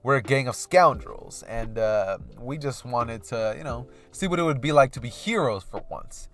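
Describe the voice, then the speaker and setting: A brash gang leader with a loud, swaggering voice, as a man narrating a fan story puts him on. He booms out his lines with rough confidence. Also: expressive, normal speed. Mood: boastful. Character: brash adult male scoundrel gang leader.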